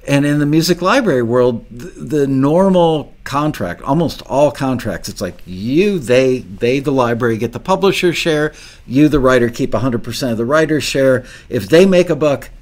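A man's voice: mid-range voice, expressive, moderate pace. A man hosting an interview podcast, chatty and enthusiastic, with frequent restarts. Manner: enthusiastic, talkative, many restarts. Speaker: podcast host. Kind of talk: casual interview chat.

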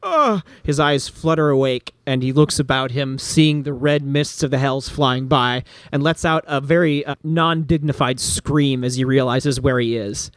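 A man's voice: medium pitch, fairly even intonation, no room sound. Dry-sounding man running a tabletop game. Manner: brisk, descriptive, with fillers. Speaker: game master.

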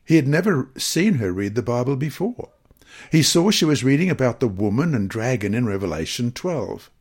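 A man reading scripture passages, study questions and a mission story aloud in a measured, expressive manner. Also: medium pitch, husky. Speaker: devotional reader.

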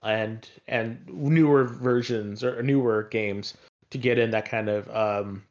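A man chatting casually about games, rambling through his thoughts with plenty of fillers and false starts. His pitch sits in the middle range. The audio sounds slightly muffled. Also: fairly even intonation, takes it slowly. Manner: rambling, with many fillers and restarts. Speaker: podcast co-host.

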